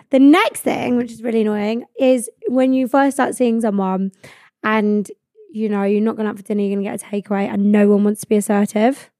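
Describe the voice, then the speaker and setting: The podcast host is an Englishwoman in her 20s with a slightly high, dark voice, captured in clean studio sound without echo. She chats casually and bluntly, swearing, laughing and peppering her speech with "like".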